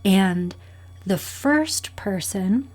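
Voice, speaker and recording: A woman's voice: medium pitch, animated, extremely slow. A woman therapist hosting her own show, talking through advice in a thoughtful, explaining way with many fillers. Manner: thoughtful, with fillers, acts out quotes animatedly. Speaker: therapist host. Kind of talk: advice talk to camera.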